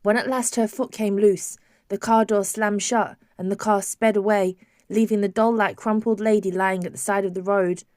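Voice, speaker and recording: An audiobook narrator reads a novel aloud in a scripted, measured, even storytelling manner. Her voice is medium-pitched, with clean studio sound and no echo.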